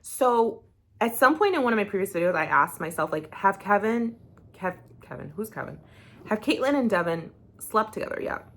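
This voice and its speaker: A woman's voice: mid-range voice, sing-song, a little fast, a bit bright. A young woman recapping a reality show, talking bluntly and heatedly and swearing freely. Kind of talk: casual opinionated commentary.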